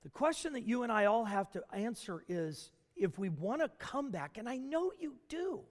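A man preaching a sermon as a pastor, asking the congregation questions and building to shouts. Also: extremely high pitch, normal speed. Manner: animated preaching with rhetorical questions, rising to shouts. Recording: long hall reverb.

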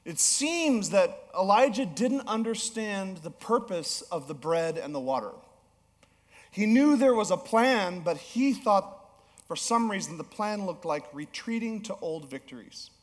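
Man, pastor, sermon, animated storytelling, high voice, echoing church hall. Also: measured pace. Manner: animated storytelling, rising to emphatic peaks then dropping low and soft. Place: church auditorium. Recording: long hall reverb.

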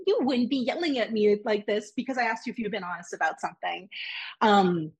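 Appearing as a podcast guest, a woman with a mid-range, slightly rough voice earnestly recounts a personal story, slipping in quick acted-out quoted lines.

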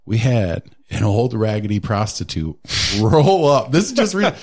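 A man telling a story in casual chat, animated and swearing, acting out other people's voices in quotes. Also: fairly low pitch, unhurried.

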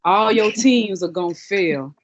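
A woman, chatting casually on a podcast and dropping in quick agreeing remarks. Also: mid-range voice, muffled recording, slight background noise. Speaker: podcast co-host. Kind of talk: casual chat.

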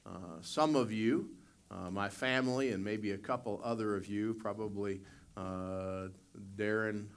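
A middle-aged man, a pastor, giving a Sunday school sermon and prayer, whose earnest preaching builds louder and higher as he makes his points. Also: unhurried, smooth.

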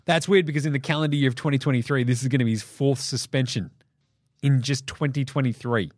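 An Australian man hosting a basketball podcast, ranting in an animated, profane way and laughing between jokes. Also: mid-range voice, fast talker, dry recording, clean studio sound. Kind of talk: solo sports podcast rant.

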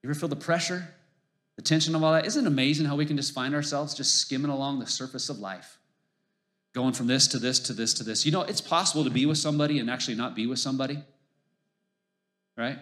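A man's voice: medium pitch, quick pace, fairly bright tone. A middle-aged man preaching a sermon as pastor, conversational and emphatic, repeating phrases for emphasis.

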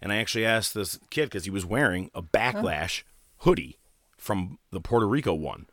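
A man hosting a wrestling podcast, spinning a long story with plenty of swearing. His pitch swings widely as he gets worked up. The sound is close and dry, with no room around it. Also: moderate pace, no echo. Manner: profane, animated storyteller, voices others in quotes. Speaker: podcast host. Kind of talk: casual storytelling chat.

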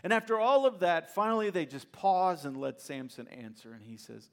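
A male pastor preaching a sermon, retelling a story with animated, humorous asides to the congregation. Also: fairly high pitch, fairly quick, few pauses. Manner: addresses congregation directly.

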